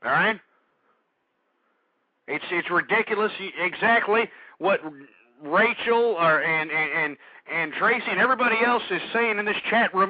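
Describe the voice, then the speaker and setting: Man, high voice, ranting radio host, stammering repeats, indignant, dry muffled lo-fi sound. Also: moderate pace, dry recording. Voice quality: stammering, repeats words when worked up. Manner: angry, indignant, preachy. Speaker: internet radio talk show host. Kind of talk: ranting talk radio monologue. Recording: dull lo-fi internet radio audio.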